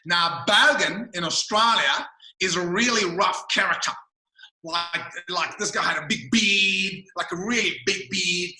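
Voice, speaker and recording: A man's voice: high-pitched, a little slow, bright, forceful tone, echoey room, poor audio. A man giving a motivational webinar talk, emphatic, asking rhetorical questions and telling stories. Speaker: motivational speaker. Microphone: video call mic.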